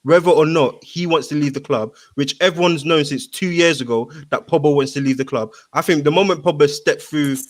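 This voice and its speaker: A man's voice: a little high, fairly quick, few pauses. Slangy man debating football. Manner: animated, slangy, interrupts and repeats himself. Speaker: football pundit. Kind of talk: casual debate chat.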